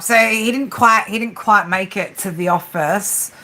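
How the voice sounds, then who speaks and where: Australian woman, 40s, livestream host, chatty and teasing, steady rain noise in the room. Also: medium pitch, unhurried, few pauses, rough recording. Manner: chatty, joking, tags sentences with "right?". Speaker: livestream tarot reader. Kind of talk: casual live-stream chat. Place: room with a flat roof. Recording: steady rain drumming behind her. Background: rain on the roof.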